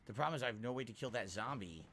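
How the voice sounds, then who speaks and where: A man playing a horror video game and commenting casually, swearing often and breaking into alarmed shouts. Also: mid-range voice, animated, rapid-fire, crowd noise. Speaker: game streamer. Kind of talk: casual let's-play commentary.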